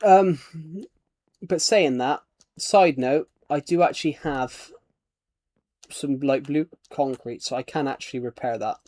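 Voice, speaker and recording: A man's voice: mid-range voice, measured pace, pauses often, darkish tone, dry recording. A man chatting casually while streaming a game, rambling and chuckling at his own jokes. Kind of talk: casual gameplay chat.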